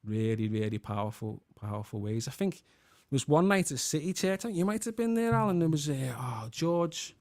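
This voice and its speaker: A man from Liverpool in his thirties, a guest musician and worship leader, talking in an earnest, halting way with many restarts. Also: a little high, lively intonation, a little mellow, dry recording, studio quality. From Liverpool, England. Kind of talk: casual chat.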